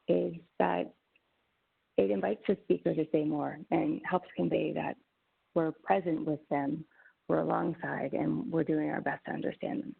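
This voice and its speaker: A woman's voice: lowish voice, creaky, breathy edge. A woman presenting a teaching webinar as a social worker, talking conversationally with frequent restarts over a video call. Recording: tinny phone-like webinar audio.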